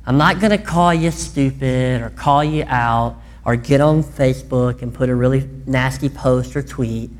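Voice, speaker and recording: A woman's voice: rumbling low, unhurried, few pauses. A woman preacher giving a conversational sermon and often asking her listeners questions. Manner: animated, chatty, asks listeners questions.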